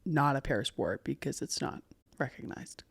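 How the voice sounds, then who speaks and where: A woman's voice: very deep voice, animated, normal speed, vocal fry, husky, no echo, clean studio sound. A woman from Canada, a Paralympian, co-hosting a podcast in casual chat, thoughtful and earnest. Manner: thoughtful, reads definitions aloud with emphasis.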